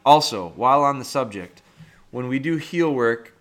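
A man's voice: mid-range voice, animated, normal speed, fairly bright tone. A man hosting a podcast, explaining dog training step by step in a plain-spoken, practical way. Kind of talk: instructional podcast talk.

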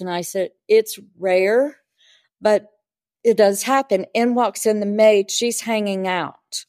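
This woman, a spiritual teacher, recounts stories in an interview and performs the dialogue with earnest vividness. She speaks a little slowly in a mid-range voice with a darkish tone, and the recording is dry and studio quality.

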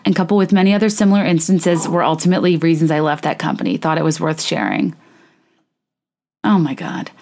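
A woman's voice: deep voice, steady tone, fairly quick, creaky, a little mellow. A woman hosting a casual podcast, reading listener stories aloud and reacting candidly and indignantly, with many "like" fillers.

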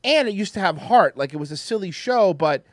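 A man in casual chat who gets animated, swears and acts out cartoon lines. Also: high voice, fairly quick, no room sound.

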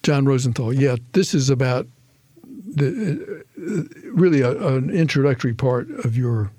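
A man's voice: medium pitch, expressive, normal speed, dark tone, no echo. A man hosting a radio interview show, speaking hesitantly with frequent restarts. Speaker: radio talk show host. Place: radio studio.

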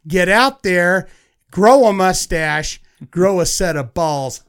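A man's voice: high-pitched, animated, slow, a bit bright, clean tone. A man co-hosting a podcast in casual chat, brash and profane, pushing his opinions hard. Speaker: podcast co-host.

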